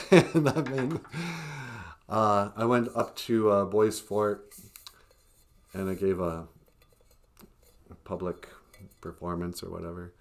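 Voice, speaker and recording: A man chatting casually on a live stream, rambling, chuckling often and trailing off quietly. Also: lowish voice, takes it slowly, long pauses.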